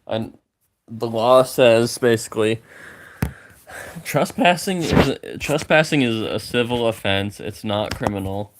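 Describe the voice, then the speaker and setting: A man's voice: mid-range voice, expressive, unhurried, heavy background noise. A young man telling a story in a casual rant, rambling with frequent swearing and filler words.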